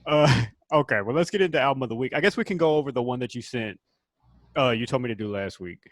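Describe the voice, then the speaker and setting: A man's voice: medium pitch, lively intonation, quick pace, no room sound, clean studio sound. A man hosting a podcast, talking casually and laughing often. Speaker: podcast host. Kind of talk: casual chat.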